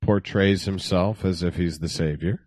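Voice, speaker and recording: Fairly low-voiced man, wry teasing co-host, dry close recording. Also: steady tone, normal speed, darkish tone, no room sound. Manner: teasing, quotes lyrics in a mocking sing-song. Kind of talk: casual comedic chat.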